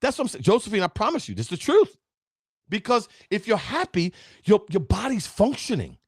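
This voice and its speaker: Lively husky New man in his fifties. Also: high voice, brisk, no room sound, studio quality. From Brooklyn, New York. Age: 50s. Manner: emphatic, preachy, addresses listeners directly. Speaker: podcast host. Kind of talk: motivational podcast talk.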